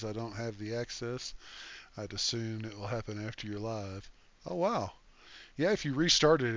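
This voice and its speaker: A man's voice: medium pitch, dull audio. Folksy older man reading stream chat. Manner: easygoing and folksy, thanks viewers warmly and reads chat aloud. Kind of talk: casual chat on a game stream.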